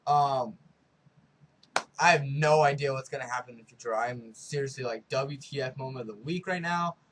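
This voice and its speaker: A man giving a casual, rambling review of a TV episode, talking excitedly with lots of fillers and dropping into quick character impressions. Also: medium pitch, a little hiss or hum. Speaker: video reviewer.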